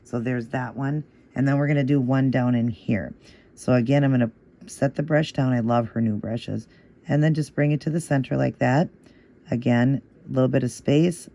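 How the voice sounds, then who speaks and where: A nail art tutorial is narrated casually by a man whose gravelly, mellow voice sits in the mid-range and moves at a moderate pace. He breaks it into steps, repeating each one patiently and steadily while encouraging the viewer.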